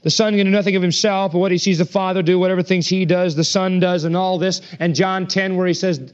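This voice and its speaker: A man preaching a sermon, emphatic and animated, acting out the quoted voices in his argument. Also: fast talker. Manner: emphatic, acts out quoted voices with rising pitch. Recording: dull lo-fi sermon recording.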